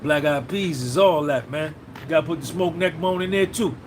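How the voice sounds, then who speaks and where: A man's voice: fairly high pitch, moderate pace, slight background noise. A man hosting a podcast livestream, talking casually and profanely, reminiscing and reading out viewers' names. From New Jersey. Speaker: podcast host.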